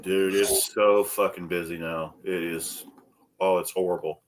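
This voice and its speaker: A low-pitched man, unhurried, with background noise around him, is a co-host telling casual stories in a chat. He swears freely and raises his voice to act out the people he quotes, animated and profane.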